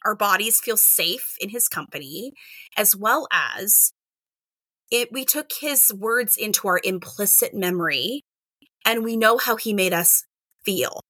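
In a casual interview, a middle-aged woman who teaches kindergarten gets animated, playing out quoted conversations and sprinkling in "like" and "right?". She speaks a little slowly at medium pitch on a dry recording.

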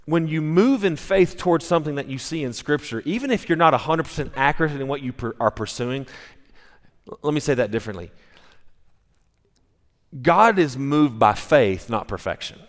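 A male pastor giving a sermon, telling stories in a conversational, animated way, with restarts and acted-out quotes. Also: a little high, moderate pace. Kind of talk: sermon storytelling. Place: church sanctuary. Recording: long reverb in a large hall.

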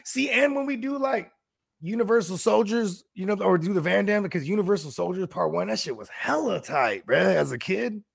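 A man with a gravelly, husky voice, talking in a loose, rambling way on a podcast. His speech is full of slang and swearing, and he sits a bit higher than most men in pitch. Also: lively intonation, fairly quick. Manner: rambling, slangy, swearing, lots of "you know what I mean". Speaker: podcast co-host. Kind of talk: casual chat.

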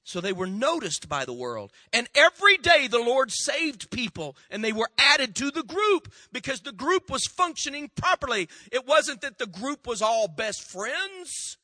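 A pastor preaching a sermon, telling folksy stories and calling on the congregation to answer back. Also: male voice, very high-pitched, big pitch swings, unhurried, few pauses, pushed and bright, dry recording.

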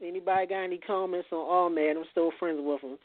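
A man's voice: high voice, steady tone, brisk, dry recording. A man as a podcast guest in casual chat, rambling and repeating words as he goes. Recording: tinny phone-like line.

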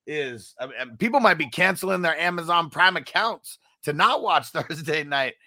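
Bright-voiced laid-back male co-host. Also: fairly high pitch, animated, moderate pace, no echo, studio quality. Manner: laid-back, laughs often, reads out chat comments. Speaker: podcast co-host. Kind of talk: casual sports chat.

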